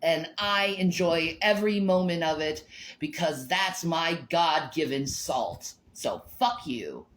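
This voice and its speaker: Slow, swooping, profane middle-aged woman ranting. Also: low voice, animated, a bit bright, slight background noise. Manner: repeats words and restarts when heated. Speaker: livestreamer. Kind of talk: livestream rant.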